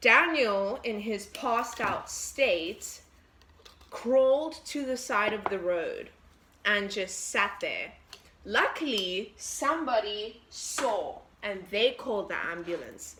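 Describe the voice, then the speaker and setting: A woman's voice: mid-range voice, lively intonation, slow, a bit bright. Chatty young woman baking, noisy recording. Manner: chatty, swears, jumps between recipe and story. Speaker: vlogger baking and telling a story. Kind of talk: casual story-time chat.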